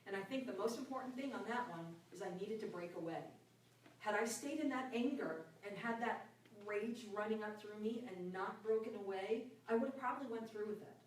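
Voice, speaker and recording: A woman talking earnestly about her own life, her voice sinking soft and low at times. Her voice sits at a middle pitch. It carries a strong room echo from well off the mic, with faint ambient noise underneath. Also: fairly quick, recorded from a distance. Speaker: self-help speaker. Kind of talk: reflective personal talk.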